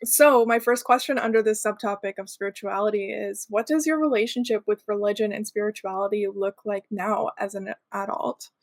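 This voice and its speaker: A woman's voice: mid-range voice, brisk, hardly any pauses. A woman hosting a podcast interview, affirming her guest and steering the questions. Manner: warm, affirming, agreeable interviewer. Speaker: podcast host. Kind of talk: casual conversational interview.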